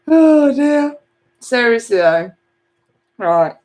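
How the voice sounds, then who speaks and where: Unhurried woman, tarot reader chatting live with viewers; giggly, casual swearing. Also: on the high side, darkish tone. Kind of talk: live-stream chat reading viewer comments.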